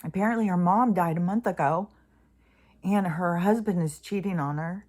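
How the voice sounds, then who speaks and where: A woman talking through her spiritual thoughts in a casual, rambling way, full of pauses and restarts, sometimes dropping to a soft whisper. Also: fairly low pitch. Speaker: spiritual vlogger.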